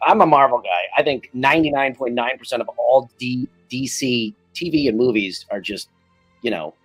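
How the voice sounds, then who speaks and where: A man in his forties chatting casually on a podcast, animated and quick to laugh, swearing freely. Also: medium pitch, breathy edge, no echo, soft background music. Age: 40s. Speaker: podcast co-host and game master.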